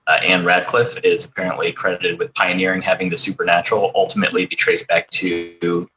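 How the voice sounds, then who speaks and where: A man in a casual roundtable chat who explains things in a measured way, with frequent ums. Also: sits low, monotone, sharp tone, dull audio. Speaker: podcast guest.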